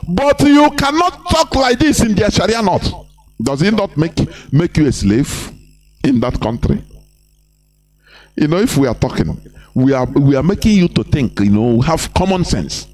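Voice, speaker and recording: A man's voice: mid-range voice, very animated, unhurried, darkish tone. A Nigerian man giving impassioned live broadcast commentary, repeating himself and firing rhetorical questions at his listeners. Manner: preachy, repetitive, rhetorical questions, mimicking others.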